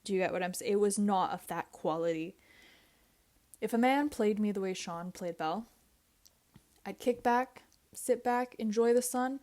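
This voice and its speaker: A woman's voice: mid-range voice, normal speed, darkish tone. A woman vlogger giving a blunt, opinionated reality TV recap, repeating herself and swearing in casual slang.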